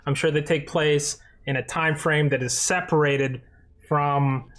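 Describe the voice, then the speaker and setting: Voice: medium pitch, fairly even intonation, a little slow, fairly bright tone. Co-host for a casual review chat, wry and rambling, full of sarcastic asides.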